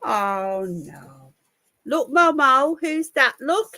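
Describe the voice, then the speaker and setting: A woman's voice: high voice, big pitch swings, unhurried, long pauses, bright, forceful tone, dry recording. A woman hosting a casual live stream, talking to her pets in cooing baby talk. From United Kingdom. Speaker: livestream host.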